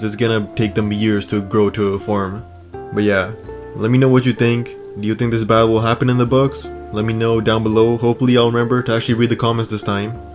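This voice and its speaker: A man with a hoarse, fading voice hosting a casual video essay, joking with crude asides. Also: on the low side, darkish tone. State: hoarse, losing his voice. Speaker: YouTube host.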